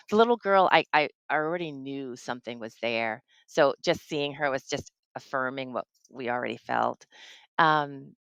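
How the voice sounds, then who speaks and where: A woman's voice: low voice, creaky, a bit bright, no room sound, poor audio. A middle-aged woman from New Jersey, a tarot reader, telling a personal ghost story in casual conversation.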